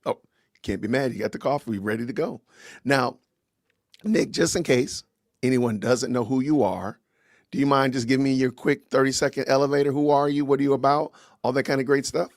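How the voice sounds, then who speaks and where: A man hosting a casual livestream podcast, greeting viewers warmly and chatting with his guest in an upbeat way. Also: mid-range voice, a little fast, dry recording, clean studio sound. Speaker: podcast host.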